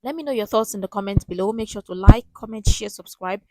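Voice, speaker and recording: A woman's voice: medium pitch, quick pace, warm tone, no room sound, poor audio. A woman hosting a reaction video, giving emphatic casual commentary and repeating her key phrases.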